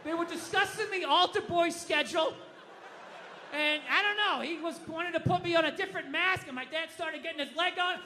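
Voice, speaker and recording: A man doing a stand-up comedy set, ranting loudly with heavy swearing and shouted impressions. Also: very high-pitched, fairly quick, big-room sound, slight background noise. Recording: live club with audience laughter. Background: crowd laughing.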